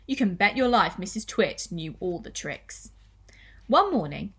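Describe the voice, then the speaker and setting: A woman primary school teacher reading a children's story aloud with expressive storytelling. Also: medium pitch, husky.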